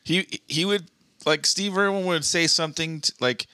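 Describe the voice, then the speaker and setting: A man's voice: a little high, moderate pace, bright, forceful tone, clean tone, dry recording, clean studio sound. A man co-hosting a podcast in casual comedic chat. He is laid-back, swears casually, and reads listener questions aloud. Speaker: podcast co-host.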